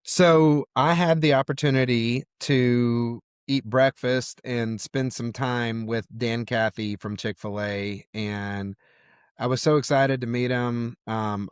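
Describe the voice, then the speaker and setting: A man's voice: mid-range voice, smooth, no echo, clean studio sound. A man from Georgia, a podcast guest, telling a casual story with lots of fillers. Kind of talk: storytelling in a conversation.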